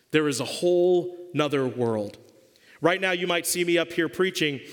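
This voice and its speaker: A man's voice: a little high, a bit bright, long reverb tail. A man preaching a sermon as pastor, conversational and jokey.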